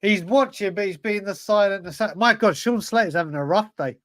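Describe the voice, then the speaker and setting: Male co-host, high-pitched, dry close mic, English, swears, talks to himself mid-quiz. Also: brisk, fairly bright tone, no room sound. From England. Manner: swears freely, blurts answers, talks to himself. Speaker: podcast co-host. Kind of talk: casual chat while playing a football quiz.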